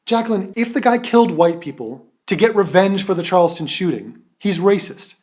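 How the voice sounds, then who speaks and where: A man's voice: sits high, lively intonation, moderate pace, few pauses, darkish tone. A man hosting a reaction commentary, ranting in a profane, mocking and exasperated way. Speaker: commentary channel host.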